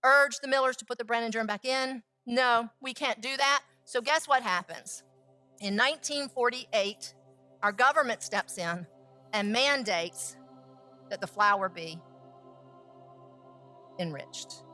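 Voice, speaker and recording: A woman who is a food scientist, teaching with lively stories and rhetorical questions. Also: fairly high pitch, unhurried, long pauses, soft background music. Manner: animated, acts out quotes, asks rhetorical questions. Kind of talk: teaching talk with storytelling.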